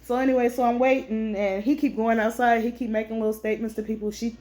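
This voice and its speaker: Her voice fairly high and a little mellow, with little pitch movement and a quick pace, a woman veteran vlogger animatedly relates an incident at a store to camera, indignant and frequently calling listeners "honey."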